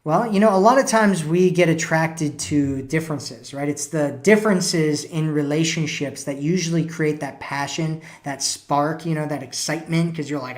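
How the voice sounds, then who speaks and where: A man's voice: a little high, moderate pace, hardly any pauses. Guy doing dating advice live, chatty, keeps saying right and you know, reads the chat out. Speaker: dating coach hosting a live stream. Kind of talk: casual live-stream advice, reading chat comments.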